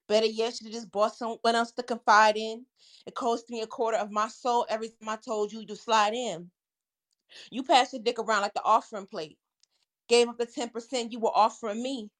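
A woman's voice: on the high side, fairly bright tone. A woman performing her spoken-word poem with a rhythmic, punchy delivery. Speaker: guest poet.

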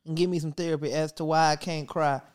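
A woman's voice: sits low, steady tone, quick pace, a little mellow, clean tone. A woman co-hosting a casual podcast chat. She jokes and tells stories, acting out her own thoughts as she goes. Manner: joking storyteller who acts out her own thoughts. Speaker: podcast co-host.

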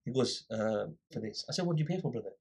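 A man's voice: medium pitch, expressive, quick pace, darkish tone, husky. A man, a guest in an interview, animatedly telling a story and acting out the dialogue. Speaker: guest, volunteer litter picker.

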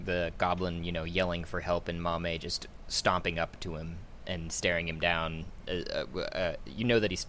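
A man running a tabletop game as game master, describing scenes in a halting way with many restarts. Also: deep voice, level tone, sharp tone, slight background noise.

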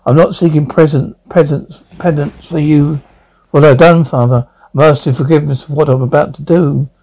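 Guy doing a halting blind lawyer in confession, kinda high, raspy edges. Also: steady tone, dark tone, low-quality recording. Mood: grim. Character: troubled young blind male lawyer confessing.

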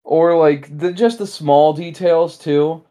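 Podcast co-host, woman, low mellow voice, rambling casual movie chat. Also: takes it slowly. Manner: animated, rambling, acts out lines in high voices.

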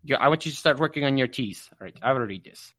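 A man playing a bossy, cranky male professor who barks orders at a student in gruff, profane bursts, improvised on a livestream. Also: mid-range voice, lively intonation, fast, a bit bright, no room sound, studio quality. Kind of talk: improvised comic role-play on a livestream.

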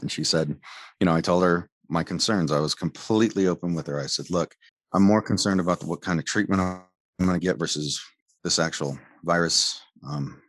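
A man's voice: extremely low pitch, no room sound, studio quality. A man who was a medic tells a heated, profane personal story, rambling and swearing as he goes. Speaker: former medic telling his story. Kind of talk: angry personal account.

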